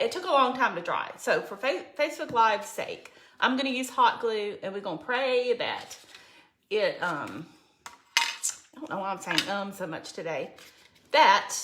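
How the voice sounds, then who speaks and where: A fairly high, slightly bright voice belongs to a middle-aged woman running a casual crafting livestream. She talks with viewers by name and sometimes becomes teary, recorded in an echoey room with faint background noise.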